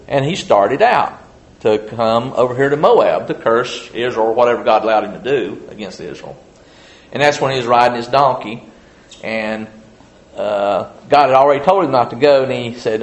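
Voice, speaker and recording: A man's voice: mid-range voice, lively intonation, moderate pace. A man teaching a casual Bible study, telling the story in a rambling, folksy way full of "uh" and "you know".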